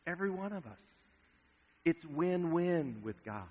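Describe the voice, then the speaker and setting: A man preaching a sermon in a measured way, dropping his voice to a hush at solemn moments. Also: on the high side, lively intonation. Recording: dull sound with long reverb in a large hall.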